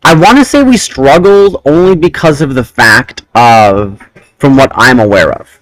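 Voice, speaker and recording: A man's voice: medium pitch, unhurried, no room sound, poor audio. A man hosting a casual podcast chat, telling rambling stories about his childhood. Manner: animated, rambling storyteller. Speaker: podcast host.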